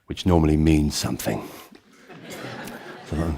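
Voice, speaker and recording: A British man preaching a sermon in a church room, animated and storytelling, with self-deprecating humour. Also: very deep voice, a little slow, vocal fry, long pauses, husky. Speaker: pastor.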